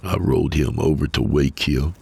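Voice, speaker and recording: A man narrating a scripted horror story in a low, steady storytelling voice. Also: normal speed, gravelly, husky.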